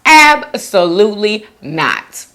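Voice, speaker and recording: A woman hosting a mukbang video, chatting casually to viewers while eating and reading their comments aloud. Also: slow. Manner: laid-back with lively swoops of pitch. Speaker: mukbang vlogger.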